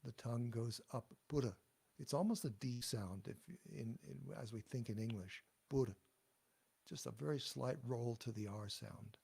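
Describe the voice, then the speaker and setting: A man teaching pronunciation in a patient, explanatory way, saying each phrase and then pausing for the listener to repeat. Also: medium pitch, vocal fry, darkish tone, breathy edge. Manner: slow, patient and explanatory, demonstrating words then pausing for repetition. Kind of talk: pronunciation lesson, call and response.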